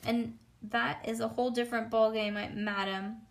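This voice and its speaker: A woman voicing a spunky, outspoken little schoolgirl who talks loud and indignant. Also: a little high, level tone, moderate pace, vocal fry.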